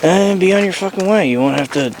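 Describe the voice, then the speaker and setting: A man's voice: high voice, fast, gravelly, background noise. A man in his thirties talking in a sarcastic, profane, ranting way in a casual vlog.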